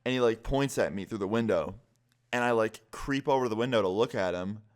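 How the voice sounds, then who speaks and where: A young man tells a scary story straight to camera in a casual vlog. His voice sits a little low and comes across smooth and clear. He swears freely and fills his sentences with "like.". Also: fairly quick. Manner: casual, heavy swearing, lots of "like". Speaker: vlogger.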